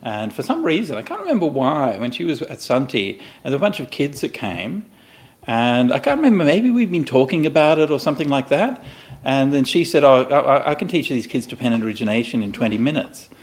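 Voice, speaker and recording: A man teaching a Buddhist scripture to listeners in a conversational, animated way, often checking in with "right?" and making playful asides. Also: mid-range voice, brisk. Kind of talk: dharma talk explaining a scripture.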